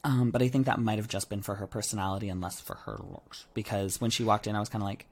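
A man co-hosting a podcast from a remote call, chatting casually and playfully with jumps in pitch. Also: fast. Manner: animated, jokey, swings up in pitch. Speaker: podcast co-host. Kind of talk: casual chat.

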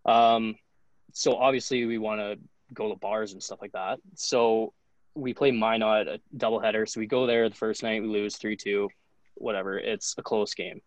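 A man's voice: fairly low pitch, fairly even intonation, moderate pace, no echo, poor audio. A young man in his twenties, a podcast guest telling a story in a loose, profane, casual way, full of "like". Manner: loose, profane, heavy use of "like". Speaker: podcast guest, hockey goalie.

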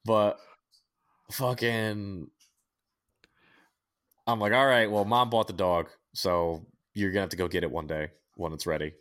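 A young adult man, co-hosting a podcast and telling a story in casual chat, profane and animated with many restarts. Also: fairly low pitch, measured pace, pauses often. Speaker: podcast co-host.

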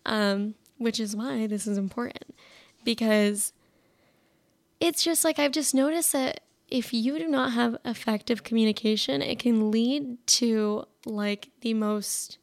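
A woman's voice: on the high side, unhurried, gravelly. A young woman hosting a solo podcast, talking casually and rambling with lots of fillers and restarts. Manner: rambling, many fillers and self-interruptions. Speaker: podcast host.

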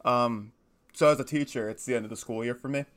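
A man's voice: mid-range voice, fairly bright tone. A young man in his twenties co-hosting a casual podcast, telling stories in a rambling way and correcting himself often. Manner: fast, rambling, self-correcting storyteller. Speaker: podcast co-host. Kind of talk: casual chat.

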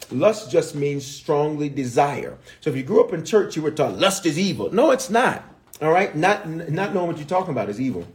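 A man's voice: fairly high pitch, darkish tone. A man, a bishop, recapping a sermon series live with viewers, repeating phrases for emphasis and calling out people by name.

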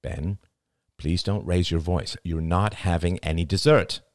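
A man's voice: deep voice, unhurried, no echo, studio quality. A man voicing a frank, intense young father in an audiobook, blunt and exasperated.

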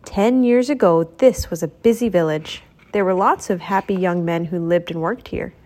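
A woman voicing a worried, kind old farm woman in a storybook reading, speaking slowly and gently. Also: lowish voice, natural voice. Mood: sad. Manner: slow, gentle, sad.

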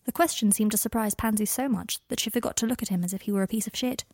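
Soft-spoken woman reading a story. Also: quick pace, dry recording, studio quality. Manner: soft, low-key narration. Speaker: audiobook reader. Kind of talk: fan fiction reading.

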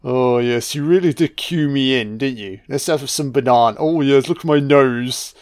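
A man's voice: normal speed, a little mellow, dry recording, clean studio sound, natural voice. A man voicing a laid-back, friendly male snowman who keeps calling everyone mate. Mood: pleased. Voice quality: mumbled, low, chummy with lots of "mate".

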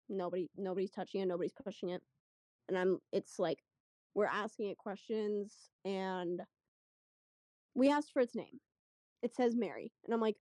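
A young woman telling a story in casual chat, chatty and animated, acting out what people said. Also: medium pitch, dry recording. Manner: chatty, animated retelling with quoted voices. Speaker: guest storyteller.

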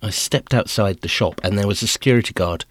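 A male podcast host spinning a self-deprecating comic story, animated and quick to laugh at himself. His voice sits low with a husky grain, recorded close in a dry space. The telling moves between rushed panic and drawn-out emphasis. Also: no echo.

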